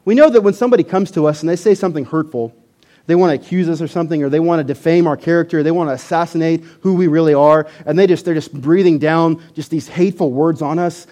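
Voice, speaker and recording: Male preacher, animated and emphatic, voice a touch high. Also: quick pace. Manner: animated, emphatic, repeats words. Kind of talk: sermon.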